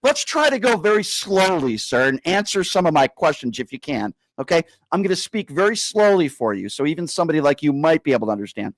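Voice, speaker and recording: Combative male radio host, high voice. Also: no echo, low-quality recording. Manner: combative, insulting, slows down to lecture. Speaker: radio talk show host. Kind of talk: live call-in radio.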